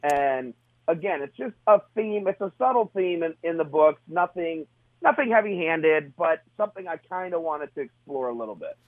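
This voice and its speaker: A man's voice: on the high side, expressive, normal speed, dry recording. Earnest man on a tinny phone line. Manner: earnest, restarts often. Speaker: author guest. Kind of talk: casual interview talk.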